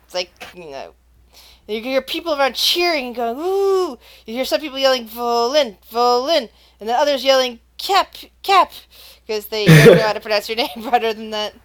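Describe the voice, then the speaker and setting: A woman running a tabletop game as game master, excitable, tripping over her words and laughing often. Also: a little high, quick pace.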